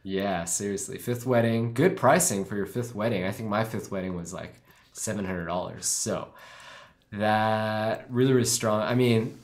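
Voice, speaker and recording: A man's voice: on the low side, moderate pace. A man co-hosting a live stream, casually critiquing a wedding film and thinking aloud with many fillers. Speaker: wedding filmmaker co-host reviewing films.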